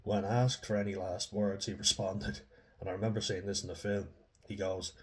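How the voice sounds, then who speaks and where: A man's voice: on the low side, flat delivery, moderate pace, slight background noise. A man giving rambling, chatty commentary on a true crime story, often reading passages aloud. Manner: rambling and chatty, with laughs and restarts.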